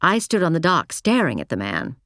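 Female audiobook narrator, low voice, measured reflective first-person read, dry booth sound. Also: huge pitch swings, a bit bright, no echo.

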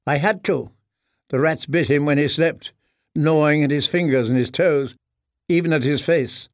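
A man reading a dark story aloud in a steady, measured narration. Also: on the high side, dry recording, studio quality. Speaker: audiobook narrator. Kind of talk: scripted narration.

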